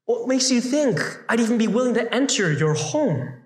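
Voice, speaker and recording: A man's voice: sits high, expressive, moderate pace, echoey room, recorded from a distance. A man voicing Jesus as a teacher who questions an unusual request, incredulous and probing.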